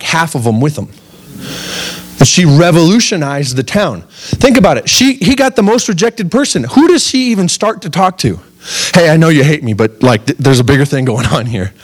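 A young adult man, a pastor, preaching a sermon in an earnest, animated way, often asking the congregation questions. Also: a little high.

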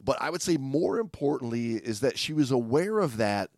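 A man co-hosting a casual podcast chat, talking in an animated, jokey way and often repeating himself. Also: mid-range voice, moderate pace, no room sound, clean studio sound. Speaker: podcast co-host. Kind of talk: casual chat, reading a listener letter aloud.

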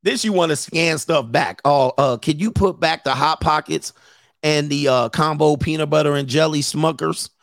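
A male coach and host rambles through casual commentary, cracking crude jokes and breaking into laughs. His fairly high voice carries a gravelly rasp, and the sound is dry and close. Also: normal speed, dry recording. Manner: crude, joking, laughs often, acts out other people.

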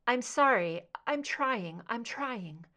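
A hypnotized woman agent in an audiobook scene, her speech slurred and halting, pitched up and pressed louder than the narration around it, as a woman reader puts her on. She sounds shaky and frightened. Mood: shaken.

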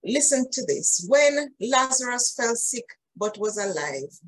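Emphatic woman preacher, husky voice. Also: fairly high pitch, sing-song, slow, fairly bright tone, rough recording. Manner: earnest, emphatic, addresses listeners directly. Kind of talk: sermon.

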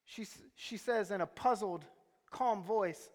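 High-voiced preacher in a reverberant hall. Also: male voice, a little slow. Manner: conversational storytelling, quizzing the congregation. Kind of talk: sermon.

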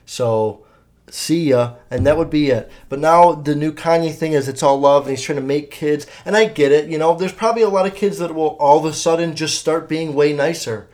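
A man's voice: fairly high pitch, fairly quick, few pauses, a little mellow. A young man hosting his own podcast, telling stories in a rambling, profane, filler-heavy way. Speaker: podcast host. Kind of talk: casual solo podcast monologue.

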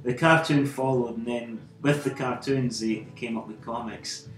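A man, a podcast host, retells a comic story in an animated, casual way with frequent fillers. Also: mid-range voice, normal speed. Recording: echoey room with faint music.

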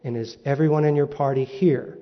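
A preacher voicing a kind, calm, bearded Amish man, quiet and measured. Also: fairly high pitch, in a large hall, muffled recording, natural voice. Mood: gentle.

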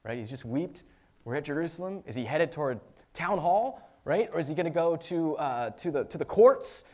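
A man preaching a sermon in a conversational way, with fillers and self-corrections, rising to loud emphatic peaks and dropping to quiet reflection. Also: fairly high pitch, animated, normal speed. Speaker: pastor.

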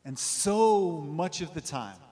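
A man preaching a sermon as pastor, rising loud and high for emphasis, then dropping low and quiet. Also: animated, slow pace, in a large hall.

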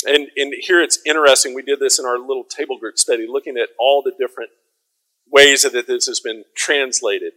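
A man preaching a sermon, conversational and casual, then rising to loud proclaiming. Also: medium pitch, normal speed, poor audio. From American South. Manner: conversational, swings from soft asides to loud proclaiming.

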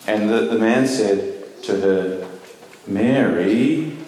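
A man giving a children's talk in church, asking questions and telling the story with lively energy. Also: medium pitch. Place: large church hall. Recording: echoey hall, mic at a distance.

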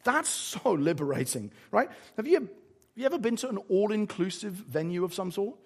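Animated English preacher, husky voice. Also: male voice, high voice, moderate pace. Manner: animated storytelling with acted-out asides. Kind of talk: sermon.

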